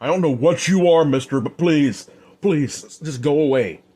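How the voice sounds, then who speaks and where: A man voicing a frightened saloon bartender who pleads in a raised, higher voice, in an audio story. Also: measured pace, mellow, slightly rough. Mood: pleading.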